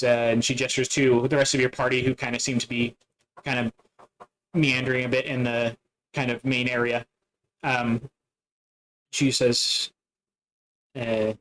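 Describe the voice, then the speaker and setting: A man narrating a tabletop game as its game master, casual and halting, with many fillers. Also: mid-range voice, flat delivery, a bit bright, low-quality recording.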